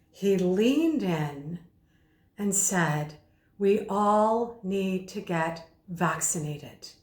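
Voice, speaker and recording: Higher-voiced woman speaking coach, echoey room. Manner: explanatory, acts out the emphasis she describes. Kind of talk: analytical video commentary.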